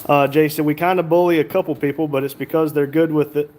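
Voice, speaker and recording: A man's voice: a little high, fairly even intonation, fast, darkish tone. A man hosting a casual livestream, reading viewer comments aloud and joking along. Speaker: livestream host reading chat.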